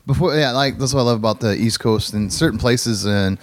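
A man's voice: mid-range voice, a little fast, no echo. Joking, profane male podcast host. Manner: profane, joking, acts out voices. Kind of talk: casual chat.

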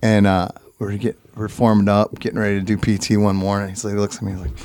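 A man with a fairly low, somewhat dark voice speaks fast in a level tone. He hosts a laid-back, profane casual conversation, frequently laughing as he tells stories.

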